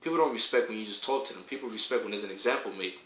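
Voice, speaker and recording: A man preaching in a fiery, foul-mouthed rant, hammering his points again and again and rising to shouts. His voice is bright and pushed. It rings out in an echoey room. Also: fairly low pitch, rapid-fire.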